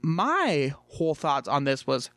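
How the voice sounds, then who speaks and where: A man with a somewhat high voice talks through a cartoon episode in a loose, rambling way, filling gaps with fillers. The sound is dry and close, with no room echo. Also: very animated, measured pace, fairly bright tone, soft background music. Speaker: reviewer. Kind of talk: casual episode review.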